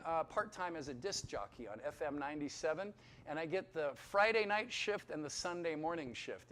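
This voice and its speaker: A man shares his personal testimony in an animated, conversational storytelling style. His voice sits slightly high and swings widely as he slips into the voices of the people in his story. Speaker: testimony speaker.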